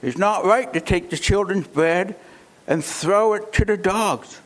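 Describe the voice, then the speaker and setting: A man voicing a calm, firm teacher who states his mission plainly in a sermon. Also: high voice, unhurried. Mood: matter-of-fact.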